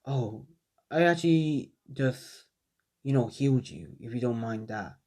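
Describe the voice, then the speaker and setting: A calm, mysterious double of the young hero, as a man reads him. He talks softly and evenly, unhurried and quietly reassuring. A middle-pitched storybook voice.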